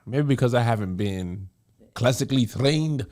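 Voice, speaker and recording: A man's voice: mid-range voice, animated, moderate pace, darkish tone. A man hosting a casual podcast chat, joking and playful. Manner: joking, playful, drops into mock accents. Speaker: podcast host.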